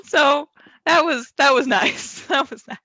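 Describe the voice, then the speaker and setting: A woman guest playwright telling stories in a bubbly, animated way during a casual interview. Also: high voice, takes it slowly, no echo.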